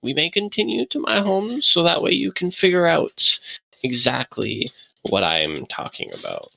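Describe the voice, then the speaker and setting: A man voicing a frail old man with a cane who talks hesitantly, stammering and pausing. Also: on the high side, wildly swooping pitch, creaky, dry recording, voice pushed up, exaggerated voice, rough recording. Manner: hesitant, stammering, then yelling at dogs.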